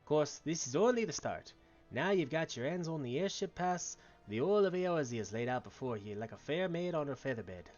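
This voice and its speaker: A man's voice: a little high, animated, brisk, darkish tone, muffled recording, faint music behind, natural voice. A man doing a boisterous old tavern keeper. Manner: rowdy, boisterous, full of slang. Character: bawdy old male tavern keeper, jovial and gruff.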